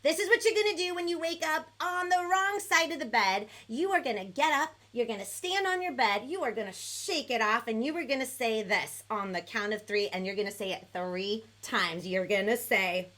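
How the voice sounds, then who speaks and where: A woman hosting a live online music show for children, bubbly and animated, cheering and counting along with her young viewers. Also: on the high side, moderate pace, few pauses. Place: home in Los Angeles. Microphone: headphones on, live stream.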